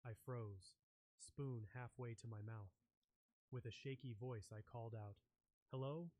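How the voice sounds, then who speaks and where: A man reading a scripted first-person horror story in a measured, ominous way. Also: mid-range voice, fairly even intonation, warm tone, no room sound. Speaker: narrator. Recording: noisy background with clicks.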